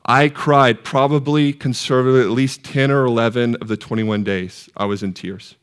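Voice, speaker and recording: A man preaching a sermon in a church, putting questions to the congregation and swinging from hushed, tender lines to loud, soaring peaks. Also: mid-range voice, steady tone, moderate pace, clear, resonant tone. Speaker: pastor. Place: church sanctuary.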